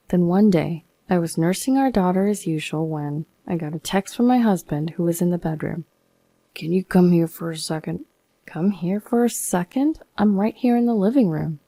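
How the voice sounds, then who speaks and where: Low, mellow woman narrating her story. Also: no room sound. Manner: aggrieved, indignant. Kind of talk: first-person story narration.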